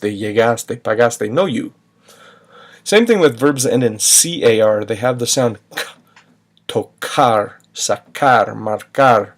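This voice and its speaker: A man teaching a recorded grammar lesson, patiently spelling out verb endings step by step. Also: mid-range voice. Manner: patient, spells out endings, sings a short chant. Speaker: Spanish teacher.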